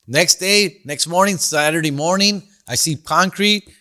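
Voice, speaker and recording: High, bright LA comedian. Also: male voice, unhurried. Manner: slangy, profane, animated storyteller; answers listener questions. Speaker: comedian podcast host. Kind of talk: casual comedic storytelling.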